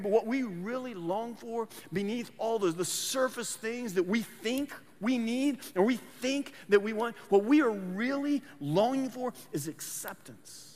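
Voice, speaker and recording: A man's voice: extremely high pitch, animated, measured pace, hardly any pauses, a little mellow. A man preaching a sermon as pastor, earnest, often repeating words as he restarts his phrases. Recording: long hall reverb.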